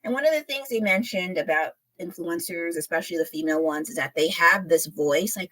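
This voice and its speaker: Woman streamer, lowish voice, dry close sound, loose rambling chat while painting, a bit unwell. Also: brisk, hardly any pauses, a bit bright, no echo, poor audio. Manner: rambling, sighing and laughing. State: under the weather. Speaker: art livestreamer.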